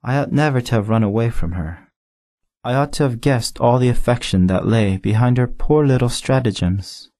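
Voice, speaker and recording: A man voicing a gentle, earnest young boy prince in an audiobook, speaking in a sincere, rueful way. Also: mid-range voice, normal speed, lightly acted. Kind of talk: audiobook character voice.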